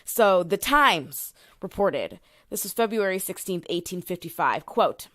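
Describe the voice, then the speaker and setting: A woman, co-hosting a podcast in casual chat, animated and full of fillers, reading quotes from her notes. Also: fairly low pitch, a little slow. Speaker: podcast co-host.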